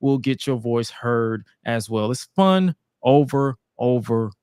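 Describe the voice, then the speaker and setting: A man's voice: mid-range voice, expressive, slow, darkish tone, smooth, no room sound, studio quality. A man hosting a wrestling and sports podcast live, talking in a laid-back, slangy way and calling out to his listeners. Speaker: podcast host. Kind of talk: casual sports podcast chat.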